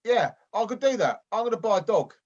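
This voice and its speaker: A man's voice: high-pitched, sing-song, a little fast, a little mellow, lo-fi sound. A man playing a rambling, lonely amateur boxer. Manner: hesitant and rambling, full of restarts. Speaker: improv performer. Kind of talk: improvised comedy sketch.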